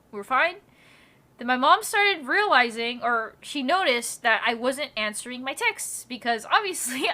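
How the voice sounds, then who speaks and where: A young woman streaming, telling her chat a story in a casual, animated way. Her voice sits a little high and sounds very bright and crisp. She laughs through her words and swears freely.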